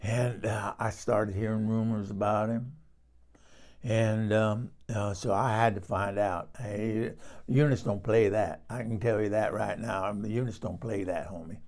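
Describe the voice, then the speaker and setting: A man's voice: on the low side, fairly even intonation, measured pace, darkish tone. A man playing a bawdy older Southern woman who tells a comic story with swooning exclamations and asides. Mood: confiding. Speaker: comedic character storyteller. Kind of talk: comic monologue in character.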